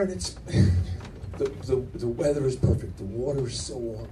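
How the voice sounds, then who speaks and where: A middle-aged stand-up comedian tells brash, profane stories, dropping in self-mocking asides. His medium-pitched, dark-toned voice moves at a moderate pace, picked up by a distant mic with faint room noise.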